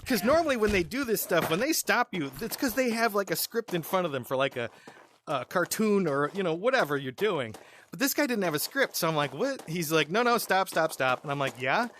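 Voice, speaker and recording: A man with a slightly higher voice chats loosely as he plays, laughing through the story and throwing in sarcastic asides. Steady noise and clicking sit behind his voice. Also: fairly quick. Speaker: gaming channel host. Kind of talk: casual storytelling while playing a game.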